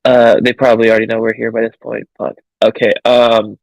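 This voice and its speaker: A man's voice: medium pitch, little pitch movement, fairly quick, vocal fry, no room sound, muffled recording. A man playing a tabletop game, hesitant and stammering, with the odd swear. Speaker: player. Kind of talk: casual tabletop play.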